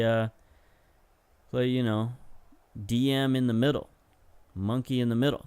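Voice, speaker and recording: A young man giving casual, chatty play-by-play commentary over highlights from a football management game, getting excited at chances and correcting himself as he goes. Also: clear, resonant tone, no room sound. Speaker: gaming video host.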